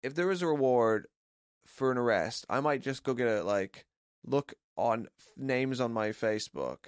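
A man co-hosting a casual podcast, telling a story with quick jokey asides. His voice sits at an everyday middle pitch. The recording is close and dry. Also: lively intonation, no echo. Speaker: podcast co-host. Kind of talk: casual chat.

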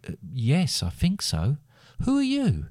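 A man's voice: very high voice, wildly swooping pitch, normal speed, darkish tone, dry recording, studio quality, voice pushed up, heavily acted. A man voicing a nervous, bewildered young peasant girl. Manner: nervous, hesitant.

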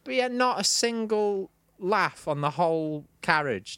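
A man's voice: sits high, lively intonation, unhurried, pushed and bright, smooth, no room sound. A middle-aged man from Manchester with a Mancunian accent, telling comic stories in a wry, sardonic way on a podcast. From Manchester, England. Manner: wry, sardonic, mocking impressions. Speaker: podcast co-host. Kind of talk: comic storytelling chat.

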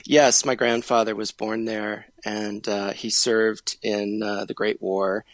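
A man's voice: on the low side, little pitch movement, takes it slowly, no room sound. A man, an author, talking as a podcast guest, hesitant with frequent uhs and restarts. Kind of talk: interview conversation.

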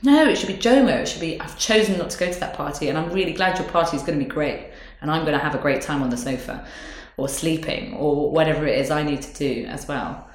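Low-voiced woman in her 30s, chatty and open, echoey room. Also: fairly even intonation. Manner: chatty, candid, quick to laugh. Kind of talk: casual chat. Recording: roomy echo.

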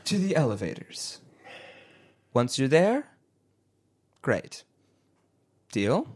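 A man's voice: mid-range voice, wildly swooping pitch, very slow, slightly rough, heavily acted. A man voicing a nervous young female security guard who apologizes and stalls politely. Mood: placating.

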